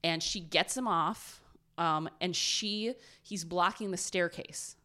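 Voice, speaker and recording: A woman casually retelling a true crime story on a podcast, animated and blunt, acting out quotes. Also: fairly low pitch, slow. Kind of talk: casual chat.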